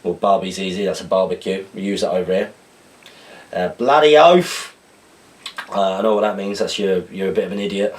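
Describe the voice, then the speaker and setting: Casting: male podcast host, lowish voice, a little off the mic, chatty and self-correcting. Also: flat delivery, quick pace, hardly any pauses, darkish tone, recorded from a distance, poor audio. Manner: rambling, self-correcting, laughs at himself. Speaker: podcast host answering viewer questions. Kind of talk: casual solo chat reading out questions.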